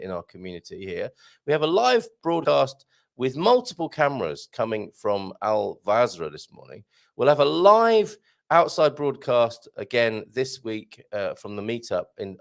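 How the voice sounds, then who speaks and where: Reading out listener messages on his live show from a small studio, a radio host from the British Isles keeps wandering into jokey asides. His voice is gravelly, fairly high in pitch, and very expressive in its rises and falls, and his style is chatty and rambling.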